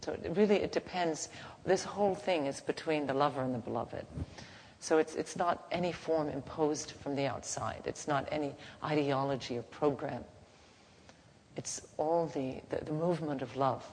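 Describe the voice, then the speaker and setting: Low-voiced woman giving a gentle devotional talk. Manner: gentle, unhurried, halting, softly chanting. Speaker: spiritual teacher. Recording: reverberant hall, faint background noise.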